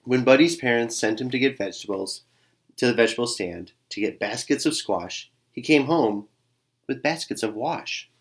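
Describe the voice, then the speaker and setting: A man reading a children's picture book aloud, with a lively sing-song delivery and soft hushed asides. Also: mid-range voice, moderate pace. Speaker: storybook reader. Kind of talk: children's story read-aloud.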